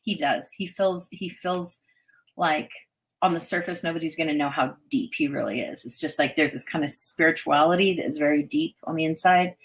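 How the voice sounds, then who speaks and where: A chatty woman hosts a live stream and reads viewer comments aloud. Her voice sits a little low, and she laughs often as she gives intuitive readings. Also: normal speed. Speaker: intuitive reader and host.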